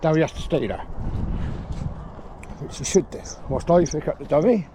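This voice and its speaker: A man, a dog trainer, calmly explaining a training session on an outdoor grass field. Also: on the high side, normal speed, noisy background. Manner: calm explaining, with sharp shouted commands to a dog.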